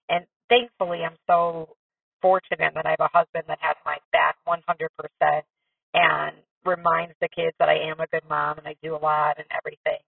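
A woman's voice: sits low, little pitch movement, normal speed, vocal fry, husky, no echo, recorded from a distance. A woman in her thirties telling a personal story in a candid, rambling, self-deprecating way. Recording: dry tinny phone-like sound from off-mic.

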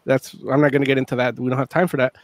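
A man's voice: medium pitch, little pitch movement, rapid-fire, no echo. Eager man explaining a movie, dry sound. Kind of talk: casual movie discussion.

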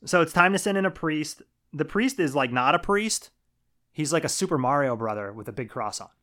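A man talking through a film recap in a relaxed podcast chat. He swears casually and often lets his sentences drop off softly. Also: on the high side, fairly quick. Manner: laid-back, swears casually, trails off quietly. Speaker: podcast co-host.

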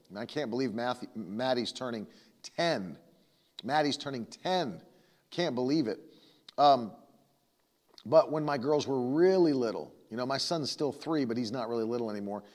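A man preaching a sermon as a pastor, emphatic and repetitive, with a conversational manner and long reverb. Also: medium pitch.

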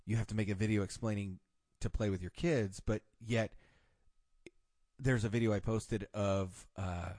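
A man's voice: fairly low pitch, steady tone, normal speed, a little mellow, no echo, clean studio sound. A man hosting a podcast in casual chat, blunt and profane with strong opinions. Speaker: podcast host.

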